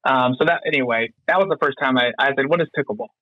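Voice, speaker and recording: A man's voice: mid-range voice, fast talker, no room sound, highs cut off. A man from North Carolina, a podcast guest, chatting casually and rambling with plenty of fillers and restarts. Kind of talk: casual interview chat.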